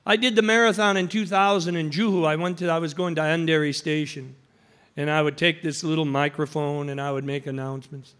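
A high-voiced man preaching to listeners in a storytelling way. He breaks into the voices of the people in his stories and then drops back into a calm teaching tone. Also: a little fast, smooth. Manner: storytelling, acts out quoted voices. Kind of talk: anecdotal sermon.

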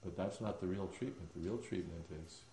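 A man with a deep, mellow voice gives a devotional lecture. He tells stories emphatically, pausing on fillers now and then. His voice echoes through a roomy hall. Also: slight background noise. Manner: emphatic storyteller, hesitant fillers. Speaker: spiritual teacher.

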